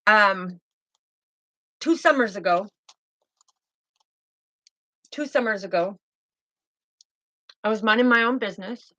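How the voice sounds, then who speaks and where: A woman's voice: mid-range voice, slow, long pauses, pushed and bright, no room sound. A woman speaking as a spiritual healer, fervent and insistent, who repeats her key phrases and speaks bluntly. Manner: blunt, swears now and then. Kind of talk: emphatic spiritual monologue.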